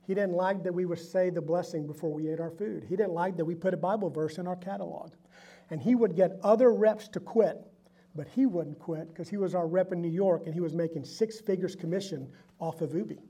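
A man's voice: high-pitched, a little fast, husky. A middle-aged man, a company founder telling his faith story to a group and acting out the voices in it. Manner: animated storyteller acting out dialogue. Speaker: company founder sharing testimony. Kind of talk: storytelling talk to a live group.

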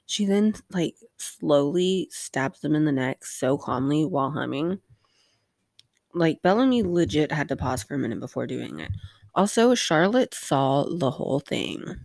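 A woman's voice: deep voice, expressive, a little slow, gravelly, darkish tone, dry recording, studio quality. A woman hosting a casual rewatch recap of a TV episode, rambling with lots of fillers and offhand swearing.

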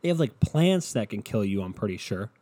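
A man's voice: on the low side, sing-song, a little fast, mellow. A young man hosting his own podcast, ranting in a rambling, profane, worked-up way. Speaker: solo podcast host. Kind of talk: casual unscripted rant.

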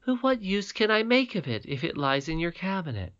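A man doing a high, eager little princess. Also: brisk, dull audio. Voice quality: high, breathless and excited. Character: eager little princess girl, sweet and pleading. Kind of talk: audiobook character reading.

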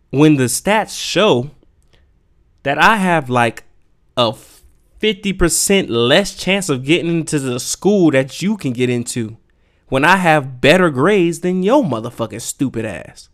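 An animated podcast host with a fairly high, fairly bright voice speaks unhurriedly. He rants solo in a casual, heated, profane monologue, hammering home emphatic rhetorical questions.

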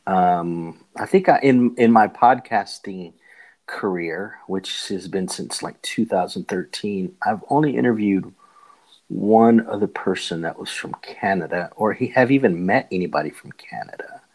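A man's voice: deep voice, unhurried, a little mellow. An older man hosting a podcast, chatting casually, rambling with repeated words and easy laughter. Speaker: podcast host. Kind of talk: casual interview chat.

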